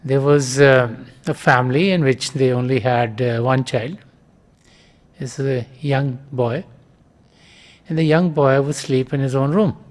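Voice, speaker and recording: Slow, measured male spiritual teacher. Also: mid-range voice. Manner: measured, with frequent pauses and fillers. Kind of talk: spiritual talk.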